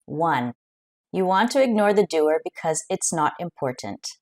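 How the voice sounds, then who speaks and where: Woman explaining grammar in a lively voice. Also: lowish voice. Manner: clear, measured explaining with example sentences. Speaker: English teacher. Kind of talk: scripted grammar lesson.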